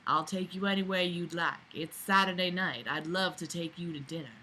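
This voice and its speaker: A woman's voice: on the low side, moderate pace, pushed and bright, a little hiss or hum. A woman reading the lines of an older man courting a young waitress, in her everyday voice. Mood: pleading. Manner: plain read-aloud dialogue.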